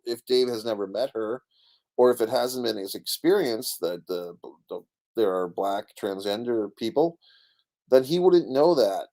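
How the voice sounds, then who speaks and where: Hosting an online show, a middle-aged man wanders through thoughts on a comedy special and reads out comments from his live stream's chat. He has a medium pitch and a darkish tone.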